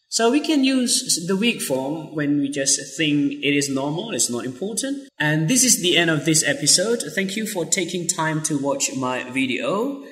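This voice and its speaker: A man teaching pronunciation, speaking slowly and deliberately and repeating words for drilling. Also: fairly high pitch, big pitch swings, fairly bright tone. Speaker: English teacher. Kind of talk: pronunciation lesson.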